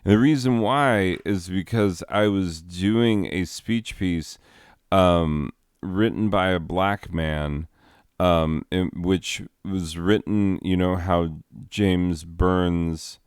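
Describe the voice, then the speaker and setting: A man hosting a video, talking in a halting, self-deprecating, rambling monologue. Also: sits low, smooth, no room sound, studio quality. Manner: halting, self-deprecating, many fillers and restarts. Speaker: video host.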